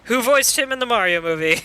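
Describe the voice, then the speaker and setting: A man's voice: very high-pitched, expressive, fairly quick, sharp tone, smooth. A man casually commenting on a game playthrough live, wry and chatty, reading viewer messages aloud. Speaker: gaming streamer.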